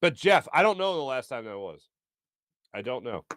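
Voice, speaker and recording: A man's voice: mid-range voice, normal speed. A man in his thirties hosting a live sports talk show, reading out viewer comments in a playful, joking way. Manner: playful, animated, jokey.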